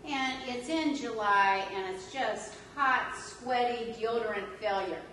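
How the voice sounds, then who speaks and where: A woman from California telling lively stories in a lecture, laughing often and poking fun at herself. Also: fairly high pitch, takes it slowly, a little hiss or hum. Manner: animated, laughs often, self-mocking humor. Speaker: religion instructor. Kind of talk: storytelling lecture. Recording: echoey hall taped from far off.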